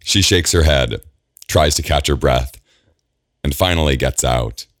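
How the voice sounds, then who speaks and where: Very deep, slow male narrator. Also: dry recording, clean studio sound. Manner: steady and measured. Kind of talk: audiobook narration.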